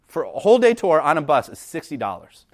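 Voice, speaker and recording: A man preaching a sermon in a church in a conversational way, often repeating words and checking in with "right?". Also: wildly swooping pitch. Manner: reads scripture aloud slower and lower. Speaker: pastor. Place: church sanctuary.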